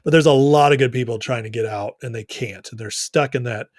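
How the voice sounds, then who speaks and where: A man's voice: mid-range voice, fairly quick, no echo, clean studio sound. A young man hosting a political livestream, reading viewer comments and giving his opinions in a casual, conversational way.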